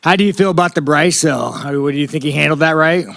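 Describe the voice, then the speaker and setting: Brief: man in his thirties, fighter at a media scrum, profane and rambling, slightly high voice, dry sound. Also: fast, gravelly, fairly bright tone, dry recording.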